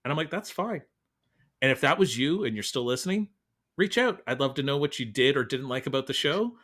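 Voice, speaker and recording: A man's voice: mid-range voice, lively intonation, quick pace, a bit bright. A man hosting a podcast in casual chat, wry and joking, swearing for laughs. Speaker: podcast host.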